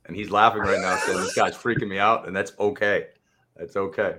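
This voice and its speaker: A playful man co-hosting a live talk show, with a fairly low voice. He is excitable and stammers when excited. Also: brisk. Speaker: podcast co-host.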